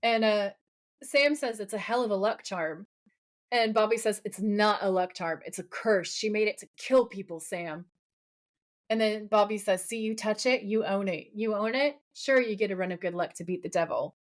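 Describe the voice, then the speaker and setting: A woman co-hosting a podcast in casual chat, recapping a TV episode with lively, laughing quotes of the characters. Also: mid-range voice, normal speed. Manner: animated, laughing, quoting characters in playful voices.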